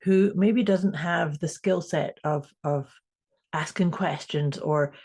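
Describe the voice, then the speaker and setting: A woman co-hosting a podcast as a coach, talking thoughtfully and pausing to find her words. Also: low voice, darkish tone, slightly rough. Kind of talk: casual chat.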